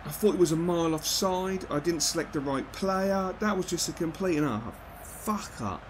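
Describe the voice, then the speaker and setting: Excitable gamer man, cursing. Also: on the high side, normal speed, slight background noise. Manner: excitable, swears and yells at the game. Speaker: gaming YouTuber. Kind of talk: live football game commentary.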